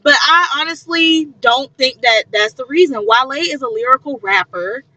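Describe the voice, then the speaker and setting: A high, bright-voiced woman argues her point on a casual podcast. She is blunt and profane, and she does not hold back her opinions. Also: expressive, moderate pace, no room sound, rough recording. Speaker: podcast co-host. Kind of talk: casual chat.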